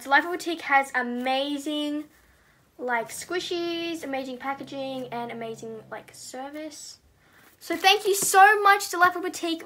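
Bright high-voiced girl gushing over toys. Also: a little hiss or hum. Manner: gushing, excitable, drops to soft murmurs. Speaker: squishy haul vlogger. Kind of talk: casual product review.

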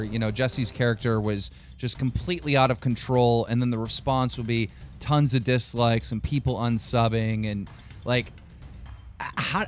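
A man interviewing a guest, asking long, chatty questions full of "like" and "you know". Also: medium pitch. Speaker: interviewer, host.

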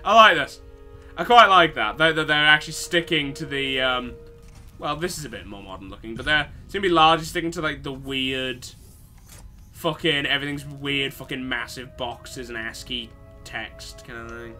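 A man's voice: medium pitch, normal speed, sharp tone, faint music behind. A man doing rambling, sweary, sarcastic let's-play commentary. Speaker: game streamer.

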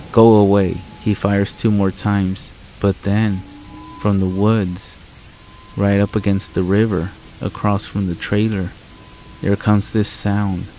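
Deep, flat-voiced male horror narrator. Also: poor audio. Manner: blunt, swearing first-person storytelling. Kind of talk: scripted narration of a true horror story. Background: soft music and rain sounds.

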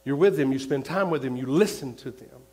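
A male pastor preaching a sermon, repeating his points and swinging between loud and hushed. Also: mid-range voice, fairly quick, breathy edge.

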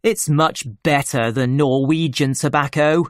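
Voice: medium pitch, fairly even intonation, unhurried, no echo, clean studio sound, close to an everyday voice. A reader voicing a young English doctor who enjoys his pipe, in a children's story. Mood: contented.

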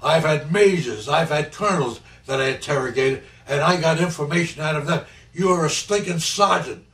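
A man's voice: fairly low pitch, lively intonation, moderate pace, lightly acted. An older man voicing a stern, demanding German officer interrogating him as a prisoner, in his own everyday voice. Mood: angry. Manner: demanding, impatient. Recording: echoey home camcorder audio, mic far off, faint hiss.

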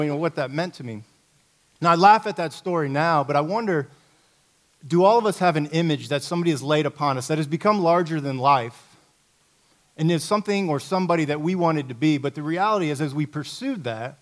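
Speaking at a church, this middle-aged Indiana coach spins a story with lively, self-deprecating humor and a conversational feel. His voice runs on the high side.

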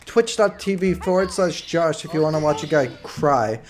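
Playful man streaming games, fairly high voice. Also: expressive, moderate pace, faint music behind. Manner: playful mock begging and melodramatic whining. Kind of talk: casual live-stream gaming chat.

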